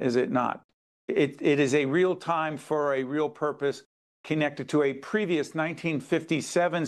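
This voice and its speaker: A man hosting an interview, pressing his guest with pointed follow-up questions. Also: fairly high pitch. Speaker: interview host.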